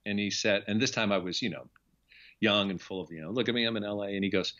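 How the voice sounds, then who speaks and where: Earnest low-voiced man telling a story. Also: quick pace, a bit bright, muffled recording. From Iowa, USA. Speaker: guest, television journalist. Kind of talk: casual interview chat.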